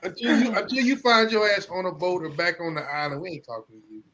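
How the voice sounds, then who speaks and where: A man with a bright, forceful voice that sits a little high for a man. He co-hosts a podcast in loose, profane banter and jokes around easily. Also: fast. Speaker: podcast co-host. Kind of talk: casual chat.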